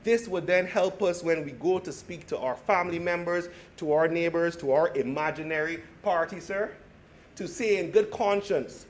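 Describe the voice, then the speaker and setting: A man's voice: fairly high pitch, moderate pace. A man from Barbados giving an earnest parliamentary speech as a senator, urging action and addressing the chair. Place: senate chamber.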